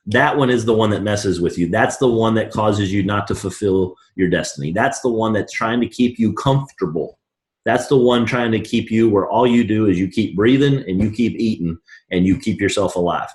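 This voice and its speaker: Folksy low-voiced man pitching a business. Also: roomy sound. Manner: folksy, pushy motivational patter. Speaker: presenter at a business opportunity event. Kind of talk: sales pitch presentation.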